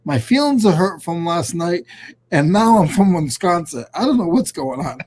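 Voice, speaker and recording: Male guest, wry and joking, husky breathy voice, animated pitch. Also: moderate pace. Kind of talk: casual chat.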